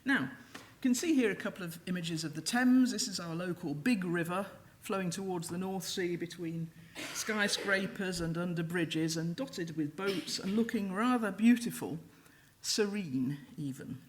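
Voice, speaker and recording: A middle-aged woman giving a public lecture in a measured way, with wry asides. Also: lowish voice. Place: lecture hall.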